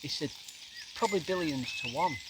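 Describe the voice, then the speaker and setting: A middle-aged man spins an animated campfire yarn, slipping into quoted voices, his own voice sitting fairly high. Food sizzles over a fire, and outdoor hiss comes through clearly on this noisy recording. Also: brisk. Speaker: guest camper. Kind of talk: casual storytelling by a campfire. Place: outdoors at a lakeside camp.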